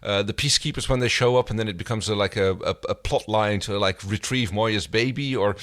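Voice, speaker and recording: A man co-hosting a podcast, thinking aloud in casual chat with many fillers and pauses. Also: on the low side, a bit bright. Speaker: podcast co-host. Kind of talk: casual chat about a TV episode.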